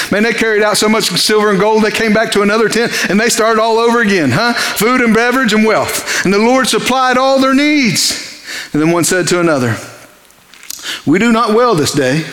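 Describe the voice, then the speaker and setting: A man preaching a sermon, reading scripture and acting out the characters' lines with lively swings in his voice. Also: sits high, echoey room.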